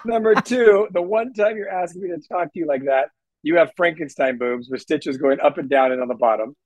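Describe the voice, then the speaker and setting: A man's voice: a little high, no echo, low-quality recording. A man co-hosting a podcast in casual chat, protesting and laying out his points one by one. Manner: protesting, deliberate, lists points. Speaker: podcast co-host.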